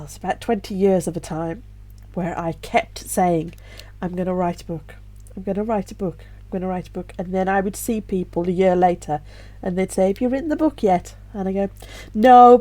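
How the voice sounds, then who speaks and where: A tearful middle-aged woman, a vlogger and self-published author, speaks to her camera in a personal vlog. Her mid-range voice is soft and reflective, with sighs and small laughs between thoughts.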